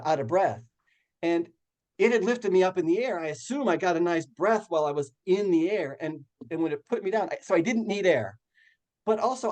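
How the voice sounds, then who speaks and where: A man's voice: high-pitched, a little mellow. A man giving a talk, earnestly retelling a personal story in vivid detail. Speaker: guest speaker. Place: retirement community hall.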